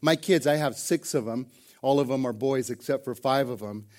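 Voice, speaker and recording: A man's voice: mid-range voice, normal speed, a little mellow, a little hiss or hum. A middle-aged man preaching a sermon to his congregation, telling folksy stories with jokes and restarts. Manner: folksy storytelling with jokes, repeated starts and "man". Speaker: pastor. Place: church service before a congregation.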